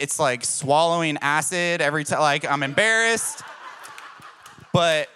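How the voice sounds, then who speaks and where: A man's voice: a little high, a little slow, pushed and bright, clean tone. A man preaching a sermon, telling personal stories in an emphatic, self-deprecating way. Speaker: pastor.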